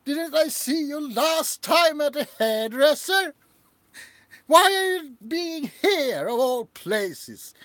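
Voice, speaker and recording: A man voicing an uptight, snobbish male waiter who sneers at anyone not high class. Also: lively intonation, takes it slowly, no echo, studio quality, exaggerated voice. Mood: scornful. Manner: high-pitched, indignant, shouting.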